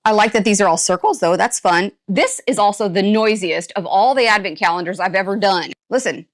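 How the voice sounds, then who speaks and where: A woman's voice: mid-range voice, fairly quick. A woman reviewing products on her channel, chatting to viewers in a playful, put-on rural drawl as she unboxes. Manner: talks to viewers while opening items.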